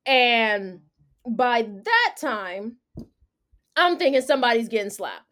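A woman's voice: fairly high pitch, slow pace. A woman hosting a casual chat, telling a story with slang and acting out what people said. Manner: animated, slangy, acts out quotes. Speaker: podcast host.

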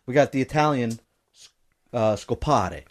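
A man's voice: mid-range voice, animated, a little slow. Man reading out a crude list. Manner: reads out a list with crude wisecracks. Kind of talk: crude comedy banter.

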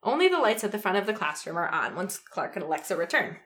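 A woman co-hosting a podcast and reading fan fiction aloud, lively and quick to laugh, pausing to fix her own misreadings. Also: medium pitch. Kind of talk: reading a story aloud, with joking asides.

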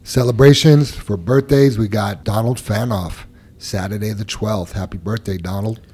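A man's voice: fairly low pitch, normal speed, husky. A man hosting a casual workplace podcast, joking and running through announcements. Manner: relaxed, joking, runs the segments. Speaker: podcast host.

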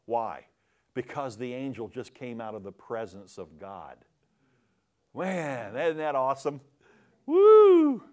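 A man preaching a verse-by-verse sermon in a church. His voice sits at an ordinary middle pitch but swings hard, rising to sudden shouts and dropping to hushed, intimate asides. The delivery is emphatic and animated throughout. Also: measured pace. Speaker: pastor. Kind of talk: expository sermon.

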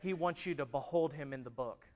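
A man in his thirties preaching a sermon, who moves from loud, emphatic stretches to hushed, intimate ones. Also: on the high side, a little fast. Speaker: pastor.

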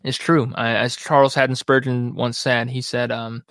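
A man's voice: mid-range voice, flat delivery, normal speed, fairly bright tone, dry recording, clean studio sound. A man being interviewed as a biblical counselor, speaking earnestly and reflectively in a conversational way. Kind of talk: podcast interview.

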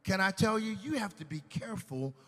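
Male preacher, sermon testimony, high-pitched, bright tone, emotional loud-to-hushed delivery, church hall reverb. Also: lively intonation, a little fast.

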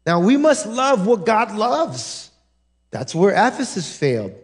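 Man, pastor, high voice, emphatic sermon, addresses the congregation directly. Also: very animated, a little slow. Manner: emphatic, drives points home with repeated "listen" and "right?". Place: church sanctuary.

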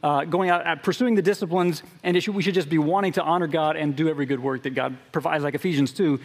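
Man, high voice, rapid and slightly halting discussion voice, room reverb. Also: steady tone. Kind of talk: casual discussion.

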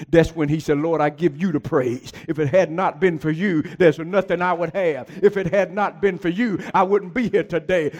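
A man preaching a sermon as pastor, climbing into high shouted peaks and calling out to the congregation.

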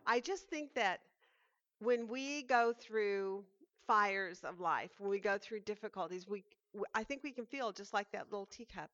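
A woman's voice: mid-range voice, unhurried, a bit bright, dry recording. A woman teaching a Bible study lesson, earnest and thoughtful, reading a story aloud and reflecting on it, in a dull, dry recording.

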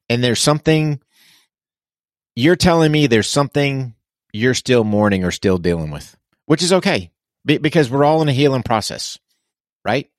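A man's voice: mid-range voice, dry recording, clean studio sound. A military veteran man speaking candidly as a podcast guest, blunt and earnest. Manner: blunt, earnest, swears casually.

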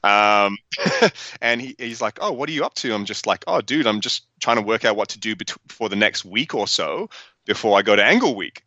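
Bright, sweary Australian man. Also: fairly low pitch, normal speed, dry recording, dull audio. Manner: rambling, sweary, animated storytelling. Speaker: guest. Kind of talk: casual podcast interview.

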